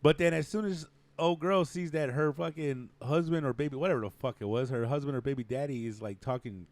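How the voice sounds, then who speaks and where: A man's voice: medium pitch, a little fast, a little mellow, no room sound. A young man telling a long story on a podcast, rambling and profane and laughing often. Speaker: podcast co-host. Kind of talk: casual storytelling.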